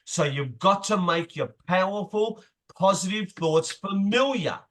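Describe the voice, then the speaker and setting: A man's voice: sits high, expressive, a little slow, a bit bright. A man leading a motivational group session as coach, emphatic, repeating key phrases and swearing casually.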